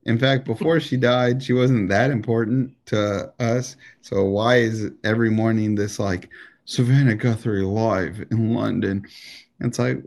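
A lower-voiced American man co-hosts a casual podcast. He rants with animated energy, swears freely and keeps restarting his sentences as he talks. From United States. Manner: animated, profane ranting with frequent restarts. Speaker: podcast co-host.

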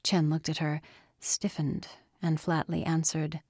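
A woman narrating a novel in a measured, scripted reading, quietly giving each character a voice. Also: low-pitched, level tone, slightly rough, no room sound, studio quality. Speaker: audiobook narrator.

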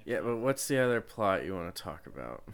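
A man co-hosting a casual movie review chat, relaxed and wryly teasing. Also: lowish voice, fairly quick, vocal fry, clean tone. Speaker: podcast co-host.

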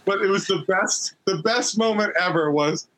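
A man co-hosting a podcast in casual chat, recapping a story in rambling, halting bursts with many restarts. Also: high voice, heavy background noise. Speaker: podcast co-host.

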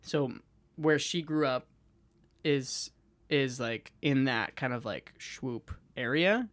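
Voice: medium pitch, slow pace, no room sound. A young adult podcast host chatting casually, rambling, trailing off mid-thought and laughing often.

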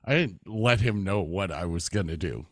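A man's voice: low-pitched, lively intonation, normal speed, dry recording, studio quality. A man hosting a podcast, telling stories with lots of laughter and swearing, acting out the voices of the people in them. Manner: laughing storyteller, swears freely, acts out voices in anecdotes. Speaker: podcast host. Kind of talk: casual chat. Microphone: studio mic.

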